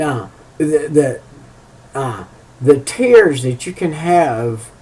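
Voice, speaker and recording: A man preaching informally, halting with many fillers and restarts, and repeating key phrases for emphasis. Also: mid-range voice, dark tone. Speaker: lay preacher. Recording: voice a bit far from the mic.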